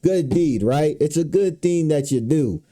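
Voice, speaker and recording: A man's voice: a little high, expressive, a little slow, warm tone. A man giving casual reaction commentary, talking loosely with lots of slang and filler. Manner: loose slangy talk, lots of "bro" and "you know what I'm saying". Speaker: commentary streamer.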